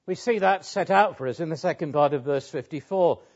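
Male preacher, earnest and emphatic sermon delivery, slightly high voice, muffled lo-fi sound. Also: fairly quick. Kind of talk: expository sermon. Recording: dull lo-fi sound.

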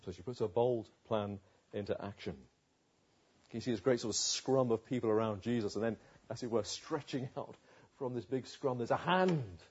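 A man preaching a sermon, retelling a story with rhetorical questions and dramatic pauses. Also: medium pitch, breathy edge, dull audio.

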